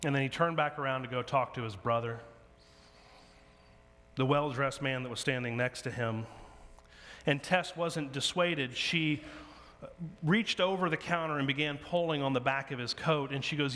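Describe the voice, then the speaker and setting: A man delivers a sermon in a big hall whose long reverb trails after his words. He tells a story with lively delivery, slipping into the voices of the people in it. His voice sits at an ordinary middle pitch for a man. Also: moderate pace, long pauses. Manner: animated storyteller acting out dialogue. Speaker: pastor.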